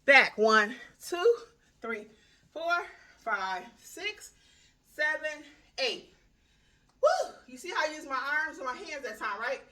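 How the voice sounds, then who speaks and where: Upbeat woman counting reps, bright voice. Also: sits high, animated, slow, distant mic, a little hiss or hum. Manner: upbeat, counts reps out loud, chatty and encouraging. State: winded from exercise. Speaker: fitness vlogger leading a home workout. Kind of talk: guided workout instruction. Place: small room at home.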